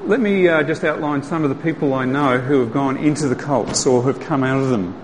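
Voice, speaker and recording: A man's voice: mid-range voice, a little fast, background noise. A man giving a sermon in a conversational, storytelling way, earnest and direct. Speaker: preacher. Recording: long hall reverb, faint ambience.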